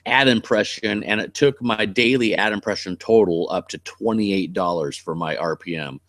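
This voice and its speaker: A man's voice: fairly low pitch, normal speed, a bit bright, no room sound, clean studio sound. A man with a West Coast American accent chatting casually on a live stream as the channel host, blunt, rambling and cursing freely.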